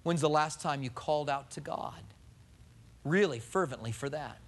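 A man's voice: a little high, moderate pace. A man preaching a sermon as a pastor, asking the congregation rhetorical questions and acting out what people say. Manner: animated preaching, rhetorical questions and acted-out quotes.

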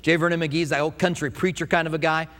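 A man preaching a sermon, telling stories and acting out quotes in an animated way. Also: fairly high pitch, quick pace, long reverb tail. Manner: animated storytelling with acted-out quotes. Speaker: pastor.

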